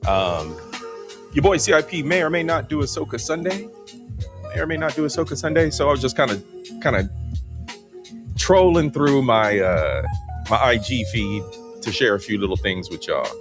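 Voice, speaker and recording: A man's voice: medium pitch, animated, normal speed, long pauses. A man hosting a casual late-night livestream, greeting viewers by name and chatting in a laid-back way. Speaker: host. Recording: music playing behind.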